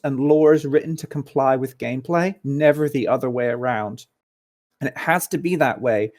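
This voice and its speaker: A man's voice: medium pitch, moderate pace, a little mellow. Man, staff member, emphatic, repeats himself for stress, voice-chat meeting. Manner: emphatic, repeats key points.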